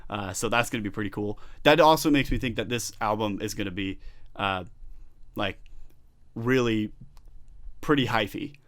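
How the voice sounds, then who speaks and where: A man's voice: fairly low pitch, moderate pace, pauses often, a bit bright, dry recording, studio quality. A young man co-hosting a casual podcast, rambling and teasing, laughing often. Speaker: podcast co-host. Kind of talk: casual chat.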